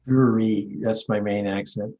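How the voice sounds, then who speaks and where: Speaking at a measured pace in a medium-pitched, slightly mellow voice, a man in his seventies from Maine leads a session as an award recipient. His reflective talk over a video call rambles through stories with many restarts, and the recording is muffled.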